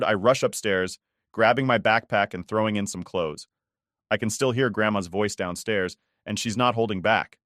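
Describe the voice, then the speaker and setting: A man with a fairly low voice narrates a scripted first-person story. His delivery is steady and even, and the sound is dry and close. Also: no echo.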